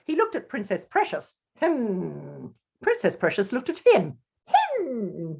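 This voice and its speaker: A woman's voice: high-pitched, huge pitch swings, brisk, slightly rough. A woman author reading her picture book aloud to children, theatrical and addressing the young listeners directly.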